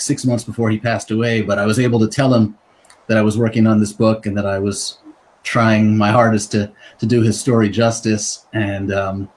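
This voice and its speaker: A man, a biographer and guest, telling a story in a casual, self-deprecating, joking way. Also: lowish voice.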